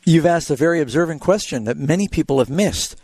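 A man's voice: a little high, lively intonation, fast, darkish tone, husky, no room sound. A man hosting a radio call-in show as a pastor, explaining scripture in a teacherly way and telling short illustrative stories. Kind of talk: radio call-in Bible answers. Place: radio studio.

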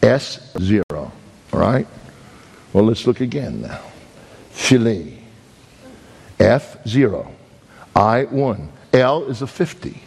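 A man with a Brooklyn accent preaching a sermon, emphatic, swinging between high loud peaks and slow low words. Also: big pitch swings, vocal fry, husky. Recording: long hall reverb.

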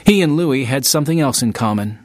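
Man reading an audiobook, animated voice that swings around, dead dry sound. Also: medium pitch, no echo. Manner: expressive, measured storytelling. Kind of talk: scripted audiobook narration.

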